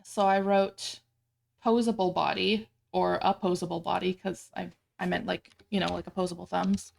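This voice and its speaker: A woman's voice: fairly low pitch, flat delivery, moderate pace, creaky, darkish tone. A woman streamer chatting casually during a live stream, rambling, restarting her sentences and laughing at herself. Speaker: streamer building her avatar model.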